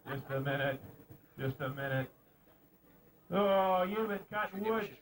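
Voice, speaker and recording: Captured in distant outdoor home-video sound, a man with a high voice announces at a measured pace at a mountain show arena. Emceeing a lumberjack show live, he teases and jokes with contestants as he calls out race commands.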